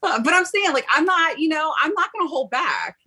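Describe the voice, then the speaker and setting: A woman's voice: high voice, lively intonation, a little fast, pushed and bright, low-quality recording. A middle-aged woman, a podcast host appearing as a guest, telling candid stories in a blunt, profane, laughing way. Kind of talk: candid casual interview talk.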